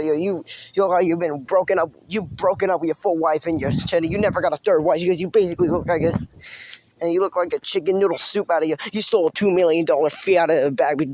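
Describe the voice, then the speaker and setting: A man's voice: high-pitched, a little mellow. A man delivering a rambling, profane improvised roast, repeating himself and taunting. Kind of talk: improvised insult rant.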